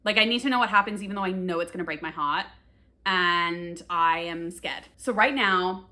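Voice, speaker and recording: Bright-voiced woman chatting about books. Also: fairly low pitch, moderate pace. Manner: chatty, lots of "like" fillers, dramatic about books. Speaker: book vlogger. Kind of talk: casual chat to camera.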